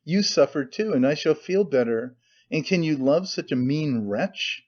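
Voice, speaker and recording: A man with a fairly high, expressive voice and a measured pace plays a bitter, tormented young man. His delivery is weary and brooding, breaking into despair. The recording sounds slightly muffled.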